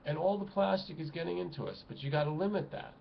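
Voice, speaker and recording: A man vlogging from home in an impassioned ranting monologue, swinging between loud exclamations and low mutters. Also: fast, creaky, lo-fi sound, slight background noise. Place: home room at a computer desk.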